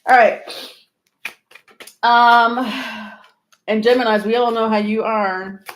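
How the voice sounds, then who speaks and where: A woman's voice: a little high, steady tone, slow, slight background noise. Chatty woman reading tarot, echoey room. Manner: chatty, laughs often, lots of fillers. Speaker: tarot reader. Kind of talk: live-stream tarot reading.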